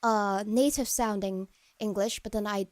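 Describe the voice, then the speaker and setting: A woman casually chatting to viewers on a live stream, wandering and hesitant with lots of fillers and restarts, often trailing into soft, low murmurs. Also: fairly even intonation, a little slow, no room sound, studio quality.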